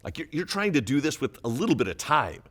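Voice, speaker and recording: Animated male pastor teaching scripture. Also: medium pitch, quick pace. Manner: animated, emphatic explaining with chuckles. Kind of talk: Bible teaching for small groups.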